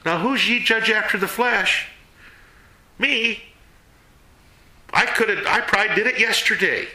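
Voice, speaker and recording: A man giving a casual sermon to a small group, folksy and animated, jumping between loud and hushed. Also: high-pitched, echoey room. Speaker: Bible teacher.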